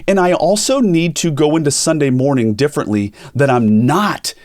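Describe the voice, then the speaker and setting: Here the middle-aged pastor's voice sits on the high side, moving at a normal speed through a dry, studio-quality recording. Hosting his podcast, he tells personal stories in candid talk, animated throughout and acting out the voices of people he quotes.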